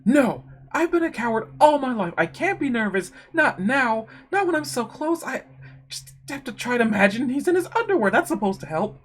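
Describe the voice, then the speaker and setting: A woman voicing a shy, nervous young woman full of self-doubt in a comic read-aloud, with a breathy voice. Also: fairly high pitch, sing-song, normal speed.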